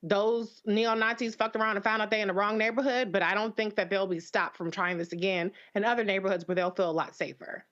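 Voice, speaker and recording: A woman's voice: medium pitch, fairly even intonation, fairly quick, few pauses, fairly bright tone. Blunt, heated woman commissioner. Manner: blunt, heated, repeats words when starting. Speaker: local commissioner. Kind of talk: live panel remarks. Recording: dull lo-fi remote audio.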